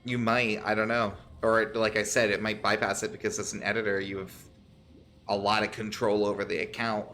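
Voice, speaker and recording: A man's voice: lowish voice, flat delivery, brisk, sharp tone, faint music behind. A man hosting a live stream, chatting casually and teasing his co-host with jokes and frequent laughs. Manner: teasing, joking, laughs often.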